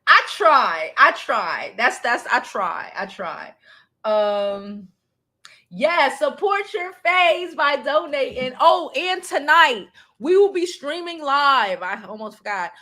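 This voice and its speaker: Middle-aged woman streamer, animated and loose with fillers, bright edgy voice. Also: high-pitched, slow pace. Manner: animated, swearing, frequent fillers and restarts. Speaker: channel host. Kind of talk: casual live-stream commentary.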